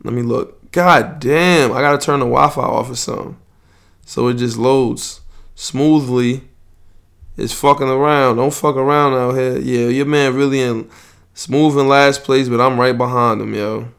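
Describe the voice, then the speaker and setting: Young new dude on a podcast, loose and cussing, rambling sports talk, middle pitch. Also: male voice, unhurried, vocal fry, clean tone. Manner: loose, profane, excitable rambling. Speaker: podcast host. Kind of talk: casual sports chat.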